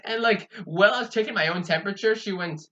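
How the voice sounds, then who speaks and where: A man's voice: high voice, fast, lo-fi sound. A young man co-hosting a podcast, telling a story casually and acting out the people in it. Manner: animated, laughing, acts out quoted people. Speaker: podcast co-host.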